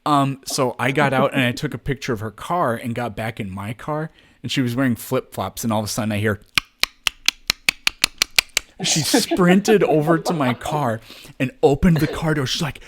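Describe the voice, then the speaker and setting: A man's voice: mid-range voice, moderate pace, slight background noise. A man on a podcast telling a long story in casual chat, rambling and swearing freely, jumping into raised voices to act out other people. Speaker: podcast co-host.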